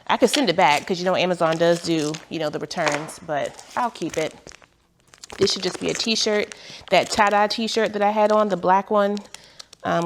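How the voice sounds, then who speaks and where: A woman vlogger with a lilt talks her way through opening packages at home. Her voice sits low with a gravelly edge, and she rambles in a relaxed way. Clear background noise and crinkling wrappers run under her talk. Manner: chatty, rambling, laughs at herself. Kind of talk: casual chat, unboxing. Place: home, on the couch.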